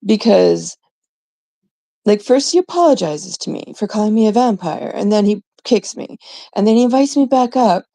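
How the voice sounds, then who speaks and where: Gravelly woman ranting indignantly. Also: medium pitch, mellow. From Canada. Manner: indignant, profane, rambling with many fillers. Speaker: livestream host. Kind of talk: ranting monologue.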